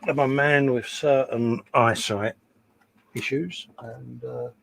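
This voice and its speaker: A man's voice: mid-range voice, steady tone, slow, creaky, a bit bright. A man hosting a casual chat while building a model, teasing and bantering. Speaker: host.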